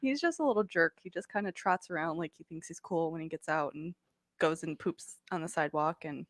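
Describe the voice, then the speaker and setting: A woman's voice: low-pitched, fairly quick, no room sound, studio quality. A woman guesting on a casual podcast, chatting frankly and laughing. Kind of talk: casual chat.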